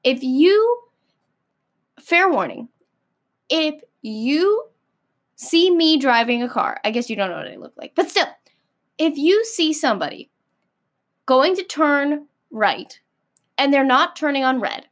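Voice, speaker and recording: A woman's voice: high-pitched, sing-song, slow, pauses often. An American woman ranting casually to camera, packing her talk with "like" and blunt, sassy swearing. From United States. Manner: filler-heavy, frequent "like". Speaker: vlogger.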